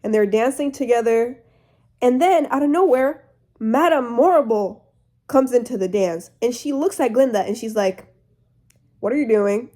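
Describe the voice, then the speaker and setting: A woman's voice: on the high side, moderate pace, dark tone. A teenage girl retelling a story in a rambling, chatty way full of fillers. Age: teens. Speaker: vlogger.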